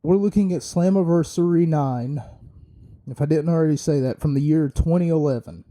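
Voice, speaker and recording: A man with a slightly high, mellow voice speaks at normal speed. He hosts a podcast, delivering an opinionated, rambling wrestling review full of fillers and restarts.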